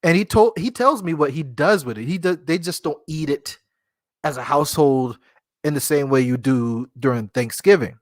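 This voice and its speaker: A man's voice: fairly high pitch, moderate pace, dry recording, clean studio sound. A man hosting a casual solo podcast, rambling and joking, often laughing at himself. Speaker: podcast host.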